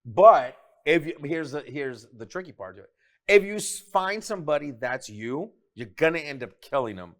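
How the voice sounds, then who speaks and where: A man's voice: on the high side, sing-song, moderate pace. A man as a guest on a casual chat show, laid-back and laughing as he tells stories. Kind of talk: casual storytelling.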